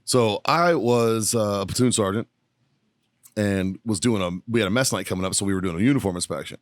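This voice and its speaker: Swearing, low-voiced podcast storyteller man. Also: brisk, no echo, clean studio sound. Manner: profane, swears constantly; lively anecdote teller, often breaking into laughter. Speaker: podcast host. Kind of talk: casual storytelling chat.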